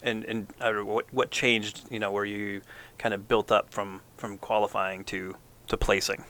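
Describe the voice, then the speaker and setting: A man's voice: fairly low pitch, flat delivery, normal speed, pushed and bright. Easygoing man co-hosting a sports podcast. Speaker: podcast co-host interviewer. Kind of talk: casual interview.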